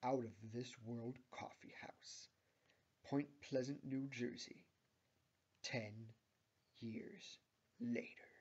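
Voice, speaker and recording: A man giving a deadpan, mock-serious amateur reading of a fan fiction story. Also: mid-range voice, slow, long pauses, husky, whispered, lo-fi sound.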